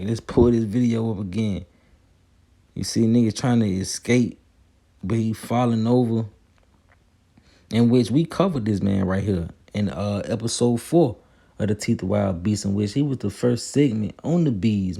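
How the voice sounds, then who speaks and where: Gravelly, husky man preaching casually. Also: lowish voice, warm tone. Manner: colloquial, peppers lines with "man", reads scripture slowly. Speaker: street preacher. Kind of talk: casual sermon over video clips.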